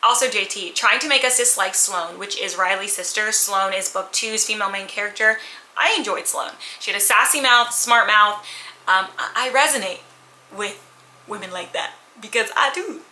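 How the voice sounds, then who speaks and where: A woman casually reviewing books at home, candid and animated, sometimes acting out characters' lines. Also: medium pitch, normal speed, reverberant, rough recording. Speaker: book vlogger. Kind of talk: casual chatty book review. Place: at home with a purring cat nearby.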